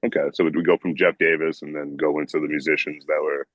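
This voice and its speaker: A man's voice: a bass voice, little pitch movement, fast talker, a bit bright, no echo, dull audio. A man who is a guest and streamer, chatting casually in a joking, easygoing way. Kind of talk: casual livestream chat.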